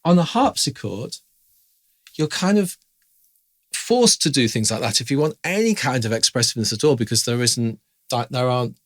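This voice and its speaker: With lively intonation and a moderate pace, a mid-range male voice recorded without echo leads an informal piano lesson. He keeps it chatty and scat-sings rhythms as he explains them.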